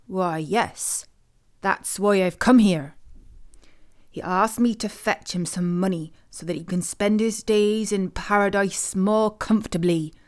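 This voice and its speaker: A woman's voice: mid-range voice, a little slow, darkish tone, natural voice. A woman voicing a cunning old male soldier, a sly trickster in a storybook tale.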